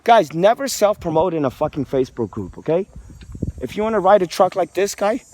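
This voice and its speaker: A man with a slightly high voice rambles and swears as he walks a residential street, holding his phone close. Faint outdoor noise hums under his voice. He talks loose and casual, like he's griping to a friend. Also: lively intonation, a little fast, darkish tone. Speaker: vlogger. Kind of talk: casual walking vlog rant. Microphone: handheld phone.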